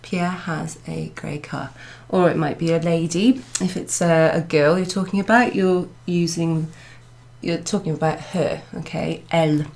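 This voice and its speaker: A woman teacher slowly taking beginners through a French lesson, repeating phrases patiently and often pausing with ums. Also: low voice, steady tone, vocal fry, darkish tone. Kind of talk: recorded class summary lesson. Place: classroom in a pub venue.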